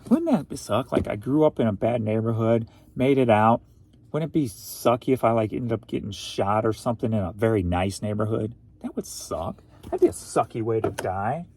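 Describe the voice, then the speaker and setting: A man's voice: fairly low pitch, animated, normal speed, background noise. A man who resells online, chatting through his recent sales in a goofy, rambling way with jokey asides. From St. Louis area, USA. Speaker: eBay reseller. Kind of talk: casual rambling sales recap.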